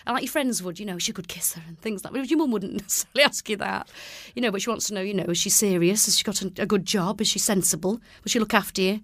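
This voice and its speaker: A Mancunian children's entertainer in her forties chats casually in an interview, laughing often and acting out the voices of people she quotes. Her medium-pitched, slightly bright voice is fast with hardly any pauses, recorded studio-clean without echo.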